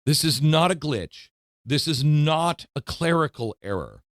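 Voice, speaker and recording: Emphatic male host with lively pitch. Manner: emphatic, indignant, sarcastic, with dramatic slowdowns. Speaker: talk show host. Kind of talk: political commentary monologue.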